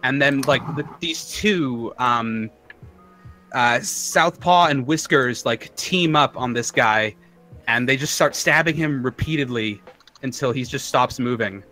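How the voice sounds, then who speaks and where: A man's voice: mid-range voice, measured pace, bright, forceful tone, soft background music, rough recording. A man narrating as game master of a tabletop game, describing scenes in a loose, descriptive way with many fillers.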